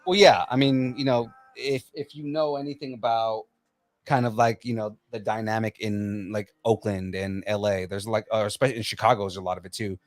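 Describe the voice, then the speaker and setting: A man's voice: on the low side, fairly even intonation, fairly quick, no echo, soft background music. A man co-hosting a podcast in casual chat, talking loosely with lots of fillers and jokes. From Central America. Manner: chatty, many fillers and restarts, joking. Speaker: podcast co-host.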